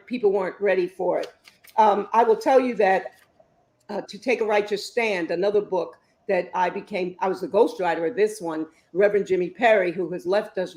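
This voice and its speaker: A woman in her fifties, an author giving interview answers in an expressive, emphatic storytelling way. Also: mid-range voice. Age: 50s. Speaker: author and guest.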